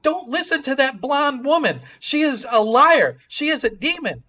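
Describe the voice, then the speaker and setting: A man's voice: extremely high pitch, sing-song, bright, forceful tone, heavily acted. Man playing a pleading caged Fey woman. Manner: desperate, pleading, fast. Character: pleading brunette woman trapped in a force cage, claims to be Fey.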